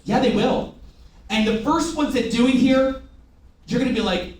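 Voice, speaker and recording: A man with a very high, darkish voice leads a sales training session at normal speed, commanding the audience and drilling them with call and response. It's recorded from a distance in an echoey room with faint ambience.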